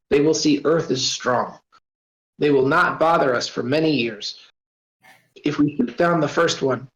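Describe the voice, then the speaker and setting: A man's voice: fairly high pitch, lightly acted. A man voicing a friendly, burly human crewman with a put-on thick accent, in an echoey, slightly dull voice-chat recording. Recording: roomy, dull voice-chat audio.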